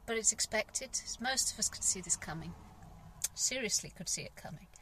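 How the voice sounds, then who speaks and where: A woman's voice: mid-range voice, expressive, normal speed, pushed and bright, a little hiss or hum, rough recording. An English woman, a gardener, talking candidly in a rambling vlog monologue, sighing and frustrated. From England. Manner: rambling, candid, frustrated, frequent sighs and fillers.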